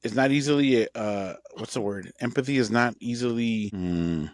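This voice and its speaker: A man's voice: medium pitch, dry recording. A man co-hosting a casual podcast chat who stops and restarts, leaning on filler words. His voice sits in the middle range, and the sound is dry and close to the mic. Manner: halting, repeats filler words like "like" and "bro". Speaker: podcast co-host.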